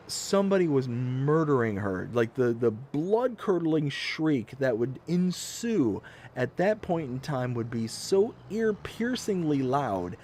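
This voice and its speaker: A man in his thirties telling stories on a casual live game stream, animated and self-mocking. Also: fairly high pitch, slight background noise.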